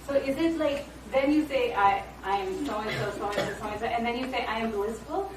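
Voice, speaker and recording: A woman's voice: on the high side, normal speed, very noisy. A woman in the audience asks a thoughtful question. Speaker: audience member asking a question. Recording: echoey hall, far from the mic, crowd.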